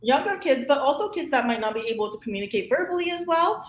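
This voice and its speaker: Chatty woman therapist, high voice that jumps all over, laughy, echoey room. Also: quick pace. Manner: animated, chatty, laughs often, many fillers. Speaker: therapist guest. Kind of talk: casual interview talk. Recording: roomy echo, faint room noise.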